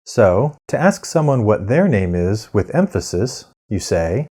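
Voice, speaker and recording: A man narrating a scripted language lesson, explaining phrases clearly and pronouncing them with care. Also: on the low side, very animated, dark tone. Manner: clear, measured instruction with careful pronunciation. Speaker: language teacher.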